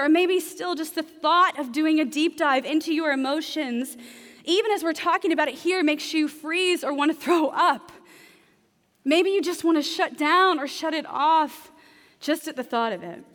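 A woman's voice: high-pitched, fairly bright tone. A young adult woman preaching a sermon in a conversational, humorous way, acting out everyday scenarios. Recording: long hall reverb.

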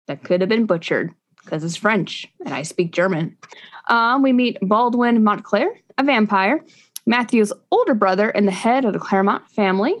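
A woman's voice: mid-range voice, lively intonation, normal speed. A woman co-hosting a casual book review podcast, talking in a chatty, rambling way and laughing often. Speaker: podcast co-host.

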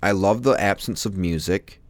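A man with a very low voice talks through a favorite movie scene on a podcast. He is eager and chatty, and the sound is dry and close. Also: moderate pace, no room sound. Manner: enthusiastic, hums film music. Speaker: podcast co-host. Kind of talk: casual movie discussion.

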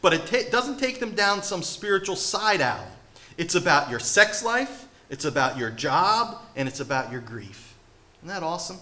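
A man's voice: high-pitched, sing-song, normal speed, pushed and bright. A man in his thirties preaching a sermon with emphatic rhetorical questions. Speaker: pastor.

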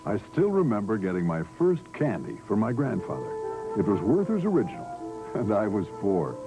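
An older man voicing a gentle grandfather in a nostalgic candy commercial, soft-spoken and reminiscing. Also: lowish voice, wildly swooping pitch, moderate pace, rough recording. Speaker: commercial narrator. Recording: old TV ad with loud music. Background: loud music.

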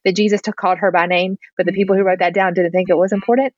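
A woman hosting a faith podcast, responding warmly and affirming her guest. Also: medium pitch, level tone, very fast, no echo. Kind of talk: casual podcast chat. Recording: dry, slightly dull sound.

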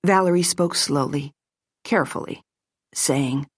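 Low-voiced woman narrating an audiobook. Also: unhurried, no room sound, clean studio sound.

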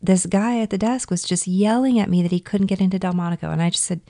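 A woman who is a guest on a podcast, telling stories expressively and jumping up in pitch when exasperated. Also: fast, warm tone. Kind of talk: casual chat.

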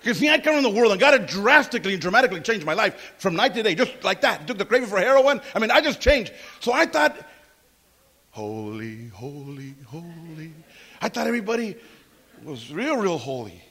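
Male pastor, high register, animated and emphatic, preaching to his congregation. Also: racing, hardly any pauses, breathy edge. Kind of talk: sermon.

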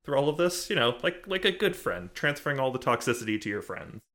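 A man's voice: medium pitch, very animated, quick pace, a bit bright. A man hosting a casual podcast chat, recapping a TV episode in a laid-back way with lots of ums and uhs.

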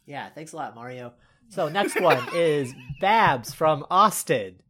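A podcast co-host chatting casually, telling stories that swing between soft murmurs and excited bursts. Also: mid-range voice, slow, slight background noise. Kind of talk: casual chat.

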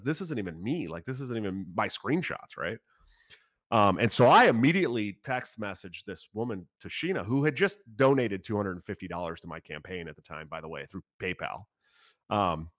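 A man in his thirties tells a personal story in a low voice, swearing freely and talking fast. His delivery is animated and casual. The recording is dry and close, with no room sound. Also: no room sound. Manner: profane, animated, talks fast. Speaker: political candidate.

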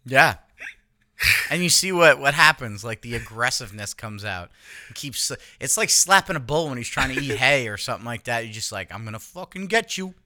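A man's voice: mid-range voice, expressive, normal speed, bright, forceful tone, dry recording. A man co-hosting a casual chat podcast, teasing his friend, laughing often and swearing freely. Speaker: podcast co-host.

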